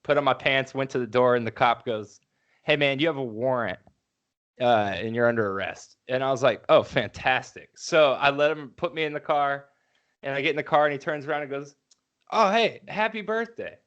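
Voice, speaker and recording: A man's voice: medium pitch, fairly even intonation, a little fast, fairly bright tone, clear, resonant tone. A man co-hosting a podcast in casual chat, telling rambling stories and laughing often. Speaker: podcast co-host. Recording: dull lo-fi sound.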